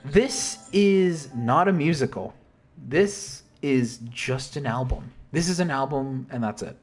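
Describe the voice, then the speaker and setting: A man's voice: mid-range voice, takes it slowly, faint music behind. A man casually explaining an album's story in a rambling, self-interrupting way, with mild slang. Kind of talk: casual commentary.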